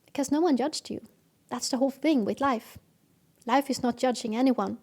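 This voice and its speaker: A woman's voice: high voice, moderate pace, a little mellow. A woman talking earnestly to camera in a reflective monologue, telling stories with acted examples and sometimes dropping to a whisper. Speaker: self-help video host.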